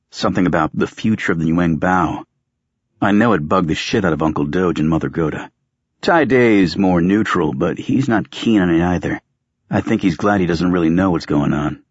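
Male first-person audiobook narrator, measured and plain, very low husky voice, dry slightly dull recording. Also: dry recording.

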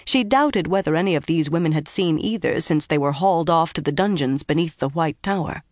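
Measured fantasy audiobook narrator, dry sound. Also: mid-range voice, no room sound.

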